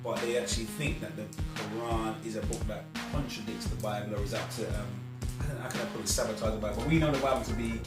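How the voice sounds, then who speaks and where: A man hosting a religious discussion, conversational and lively with many fillers. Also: fairly low pitch, fast talker. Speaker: host. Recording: echoey room, far from mic, loud music behind.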